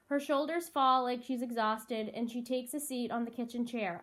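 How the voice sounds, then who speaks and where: A woman reading a first-person novel aloud in a measured, wry storytelling voice. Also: on the high side, fairly bright tone. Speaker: audiobook narrator. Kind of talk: first-person audiobook narration.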